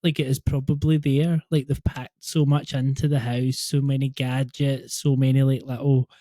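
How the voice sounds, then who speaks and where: Brief: man, mid pitch, dark mellow tone, measured podcast co-host. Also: flat delivery, no room sound. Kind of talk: casual chat.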